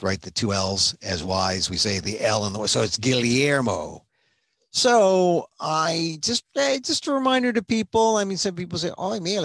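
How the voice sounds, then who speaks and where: A man's voice: mid-range voice, fairly bright tone, dry recording. A man hosting a casual livestream as a museum director, chatty and rambling, with many fillers and restarts. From United States.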